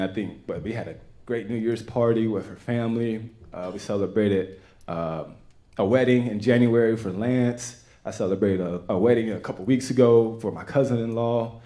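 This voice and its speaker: A young man with a Texan accent giving an earnest, halting personal testimony to a church congregation. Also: deep voice, dark tone. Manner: earnest, halting, with many restarts. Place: church sanctuary.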